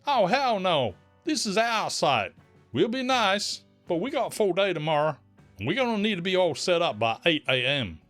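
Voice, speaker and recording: Casting: man voicing a sweetly polite Southern young mom with an Oklahoma drawl who won't back down, high and sing-song. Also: big pitch swings, normal speed, fairly bright tone, no echo, soft background music. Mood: blunt. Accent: put-on Oklahoma Southern. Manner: sugary politeness turning blunt. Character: polite but firm young mother, faux Southern drawl.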